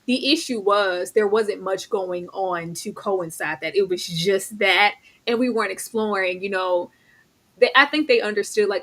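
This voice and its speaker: A woman hosting a casual live recap of a TV show, lively and often laughing as she acts out the characters' lines. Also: medium pitch, moderate pace. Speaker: host reviewing a TV series.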